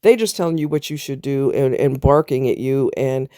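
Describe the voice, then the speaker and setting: A woman's voice: rumbling low, moderate pace, warm tone, clear, resonant tone, no room sound, studio quality. A middle-aged woman telling a personal story in a candid, casual vlog, speaking straight to her viewers. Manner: candid, talks straight to viewers with southern US slang. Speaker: vlogger.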